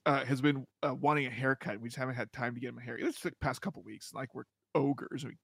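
A man's voice: mid-range voice, fast talker, gravelly, breathy edge, no echo, clean studio sound. A man co-hosting a podcast, chatting casually in an easygoing, self-deprecating way with frequent fillers. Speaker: podcast co-host. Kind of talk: casual chat.

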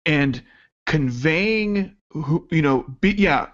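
A relaxed man chatting casually on a film podcast, easygoing and quick to agree. His voice is a touch higher than average. The sound is a little muffled and lo-fi. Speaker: podcast co-host.

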